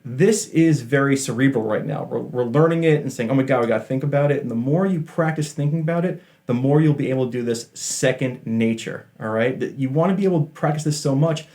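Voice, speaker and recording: A man's voice: medium pitch, fairly quick, hardly any pauses, darkish tone. A man giving a casual, chatty guitar lesson, joking about himself and apologizing for talking so much. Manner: chatty, self-deprecating, apologizes for talking a lot. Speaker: guitar teacher.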